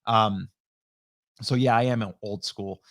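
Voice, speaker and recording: A man's voice: on the low side, steady tone, a little slow, fairly bright tone, dry recording. Chatty man on a dry studio mic. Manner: rambling, many fillers and restarts; reads viewer comments aloud. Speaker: live stream co-host. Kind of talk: casual live-stream chat. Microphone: studio dynamic microphone.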